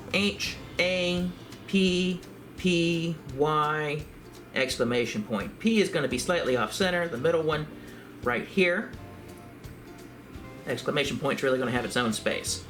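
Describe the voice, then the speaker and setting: A man giving a calm, step-by-step craft tutorial for a library. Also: on the high side, normal speed, pauses often, soft background music.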